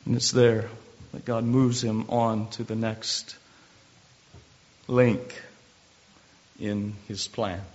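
A man preaching a sermon, animated and stumbling over repeated words as he builds his points. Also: lowish voice, very slow, long pauses. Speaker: pastor. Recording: dull lo-fi recording.

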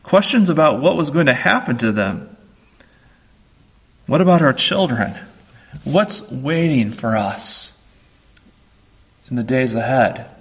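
A man preaching a sermon as a pastor, slow and earnest, repeating his phrases. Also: mid-range voice, sing-song, fairly bright tone, breathy edge, dull audio.

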